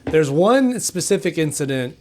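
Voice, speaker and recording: A man's voice: a little high, sing-song, moderate pace. A man from the United States in casual conversation, earnest, often restarting as he searches for words. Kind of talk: casual chat.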